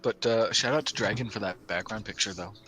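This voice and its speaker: A man's voice: fairly low pitch, a little fast, bright, forceful tone, breathy edge. A man chatting casually with friends, teasing and talkative. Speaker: game streamer. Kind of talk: casual group chat.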